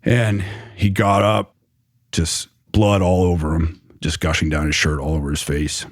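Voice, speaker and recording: A man's voice: deep voice, little pitch movement, a little slow, no room sound, clean studio sound. A young man recounting a personal story in loose, rambling conversation, full of fillers. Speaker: storyteller recounting his past.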